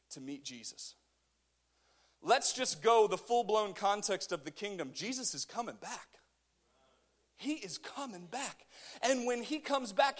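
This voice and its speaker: A male pastor preaching a sermon in a church, swinging from loud shouting to low, quiet asides.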